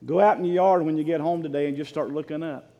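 A man preaching a sermon as pastor, fervent and swelling into shouts, calling for responses from the congregation. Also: a little high, steady tone, quick pace, gravelly. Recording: long reverb of a large hall.

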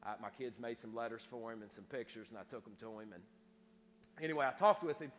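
A man's voice: medium pitch, fast. A man telling a personal story in a sermon, repeating and restarting his words often. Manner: repetitive, stammering restarts. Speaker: preacher. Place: church sanctuary. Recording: reverberant hall with faint noise.

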